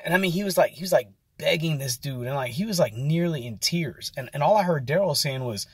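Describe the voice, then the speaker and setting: Husky-voiced man in his forties, rambling. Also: on the high side, quick pace, few pauses, fairly bright tone, no echo, clean studio sound. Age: 40s. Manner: rambling, many fillers and restarts. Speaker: vlogger. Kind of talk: casual storytelling.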